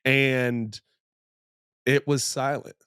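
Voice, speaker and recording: A man's voice: medium pitch, drawn-out words, clear, resonant tone, no room sound, clean studio sound. Young man rambling about sports. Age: young adult. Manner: rambling, excitable, frequent restarts. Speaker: podcast host. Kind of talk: casual sports podcast banter.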